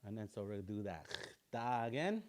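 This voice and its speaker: A middle-aged man teaching a relaxed language class, joking and repeating words slowly for practice. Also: fairly low pitch. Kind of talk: casual online language lesson.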